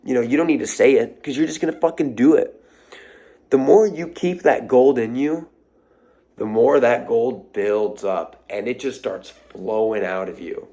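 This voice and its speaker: A man's voice: mid-range voice, unhurried, dark tone, muffled recording. A man giving an off-the-cuff motivational rant to his followers, blunt and profane, hammering phrases over and over. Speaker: social media creator.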